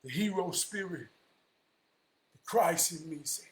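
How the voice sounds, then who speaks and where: A man giving an impassioned, preachy monologue that swings between shouting and low muttering, repeating phrases for emphasis and cursing often. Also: expressive, extremely slow, long pauses, a little hiss or hum.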